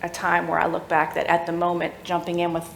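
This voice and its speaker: A middle-aged woman telling a personal faith story at a church workshop, animated and laughing as she acts out the voices of people in the story. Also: lowish voice, fairly quick, creaky, slight background noise. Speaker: workshop speaker. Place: church room. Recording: echoey room with faint ambience.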